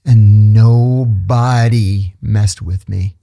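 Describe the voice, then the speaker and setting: A man's voice: mid-range voice, normal speed. A middle-aged man in a casual podcast interview, telling stories and acting out the voices of the people he quotes. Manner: animated storyteller who acts out the quoted voices. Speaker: interview guest, former intelligence officer.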